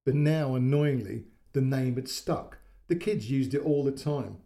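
A man narrating a short story in a measured, descriptive way. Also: medium pitch, vocal fry, mellow.

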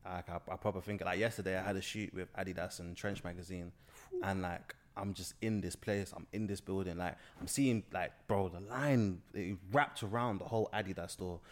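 A man's voice: low voice, fairly even intonation, fairly quick. Rambling young London man, slangy. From South London. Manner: rambling, slangy, restarts often. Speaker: guest filmmaker. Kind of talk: casual interview chat.

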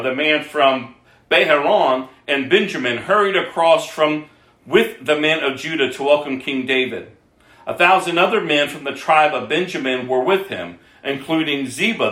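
A man's voice: a little high, fairly bright tone, echoey room. A man preaching a sermon, reading scripture aloud and breaking off to explain it conversationally.

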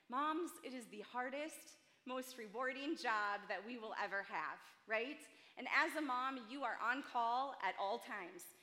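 A woman in her forties preaches in a large church hall, talking in a chatty, earnest way that pokes fun at herself. Her voice sits a little high and sounds bright. A long reverb trails each phrase. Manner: chatty, self-deprecating, earnest. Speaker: church speaker. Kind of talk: sermon.

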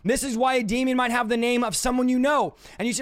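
High-voiced emphatic male preacher. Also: brisk. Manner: emphatic, repetitive, confrontational. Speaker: deliverance preacher. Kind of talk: livestream teaching.

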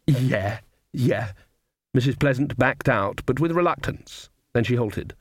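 A man's voice: medium pitch, lively intonation, no echo. Man narrating a storybook, dry sound. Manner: measured storytelling. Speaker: audiobook narrator. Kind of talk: scripted narration.

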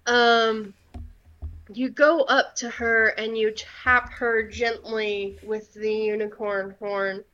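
Woman game master narrating the scene, slow and a bit high, dull lo-fi recording. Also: level tone, pushed and bright. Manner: unhurried, with fillers.

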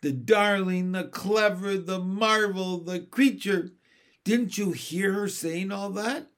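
A man voicing a bold, loud baby boy in a storybook. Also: high-pitched, takes it slowly, pitched above the performer's own voice. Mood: smug. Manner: loud and complaining.

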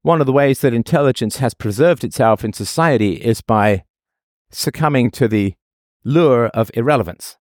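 A man works through a philosophical argument, emphatic and argumentative, and circles back to repeat his points. His voice sits at a middle pitch. The recording is dry and close, with no room sound. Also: normal speed, no echo. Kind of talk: philosophical monologue.

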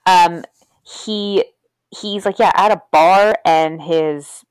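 Chatty low-voiced woman recapping a movie. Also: slow pace, smooth, no room sound. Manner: chatty, laughs often, retells scenes with quoted voices. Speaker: podcast co-host. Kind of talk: casual movie discussion.

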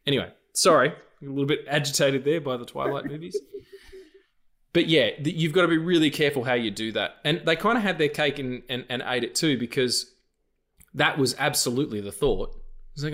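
A man co-hosting a film podcast, chatting casually in a rambling, profane way, breaking into animated rants and silly noises. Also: medium pitch, a little fast. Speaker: podcast co-host.

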